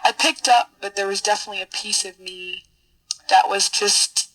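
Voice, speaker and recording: A middle-aged woman guest telling a personal story in an interview, earnest and halting, often repeating words as she searches for them. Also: mid-range voice, fairly even intonation, fairly bright tone, rough recording. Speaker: podcast guest, military officer.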